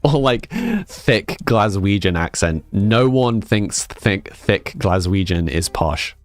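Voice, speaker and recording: A man's voice: deep voice, expressive, takes it slowly. A man from Scotland, streaming and casually chatting, reading viewer comments aloud and answering with frequent laughs. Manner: reads viewer comments aloud and chats back, laughing often. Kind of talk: casual chat.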